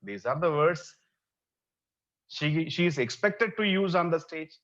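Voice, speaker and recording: A university lecturer teaches in a slightly high-pitched man's voice. He repeats his phrases, fills pauses with "uh" and keeps asking the class rhetorical questions. The sound is dull and lo-fi, as in a recorded online lecture. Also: fairly bright tone.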